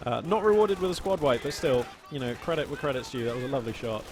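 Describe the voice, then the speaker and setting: A man's voice: mid-range voice, background noise. Chatty male game caster over gunfire. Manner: chatty, playful, quick excited reactions. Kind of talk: live play-by-play game commentary. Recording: loud game gunfire and vehicles behind.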